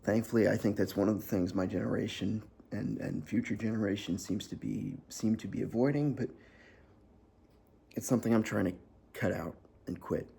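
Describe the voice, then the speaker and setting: Gravelly-voiced man in his thirties, vlogging. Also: lowish voice, moderate pace, dark tone. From New Jersey. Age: 30s. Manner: sarcastic, hesitant with frequent ums. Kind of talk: personal vlog monologue.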